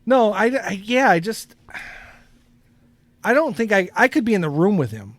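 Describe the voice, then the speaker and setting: A man's voice: high voice, very animated, normal speed, no echo. A middle-aged man co-hosting a casual podcast, rambling and laughing often as he talks. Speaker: podcast co-host.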